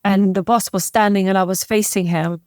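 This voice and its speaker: A woman's voice: medium pitch, steady tone, a little mellow, no echo. Tearful woman with a dry close sound. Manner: halting, emotional retelling with many restarts. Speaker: podcast guest. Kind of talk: emotional interview storytelling.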